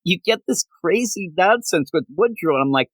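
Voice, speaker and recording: A man co-hosting a casual comic book review, talking in an animated way and slipping into goofy character voices. His voice sits fairly high and jumps lively up and down. The sound is dry and close. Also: no echo. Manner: animated, acts out characters in quick bits, laughs often. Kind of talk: casual podcast chat.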